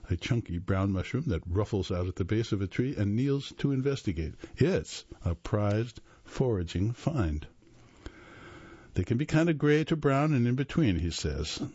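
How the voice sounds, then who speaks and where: Low husky man reading aloud. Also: no room sound, muffled recording. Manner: steady, measured reading with occasional stumbles and self-corrections. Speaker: radio reading service host. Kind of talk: reading a magazine article aloud.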